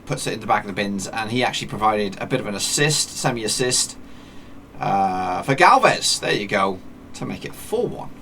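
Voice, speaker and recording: Male gaming host, mid pitch, gravelly, loose self-correcting play-by-play, faint hiss on the recording. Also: bright, forceful tone. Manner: rambling, self-correcting chatter with mock match commentary. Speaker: gaming YouTuber. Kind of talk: casual game commentary.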